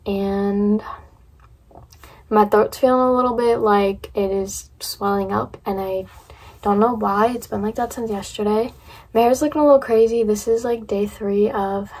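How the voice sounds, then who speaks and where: A young woman chatting casually to camera in a vlog, bubbly and excitable, full of "like" fillers. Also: medium pitch, breathy edge. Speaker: vlogger.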